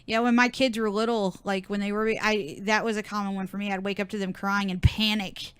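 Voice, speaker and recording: A woman's voice: mid-range voice, flat delivery, fairly quick, fairly bright tone, clear, resonant tone, no echo. A woman guesting on a podcast who talks in a blunt, matter-of-fact way and reads definitions aloud in casual chat.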